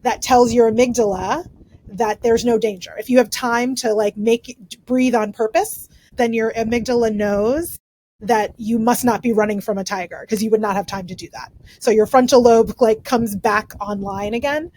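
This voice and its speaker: Chatty woman psychologist, slightly high voice. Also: steady tone, normal speed, a little mellow, rough recording. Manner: chatty, many fillers and "right?" tags. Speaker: clinical psychologist guest. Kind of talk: casual explanatory conversation.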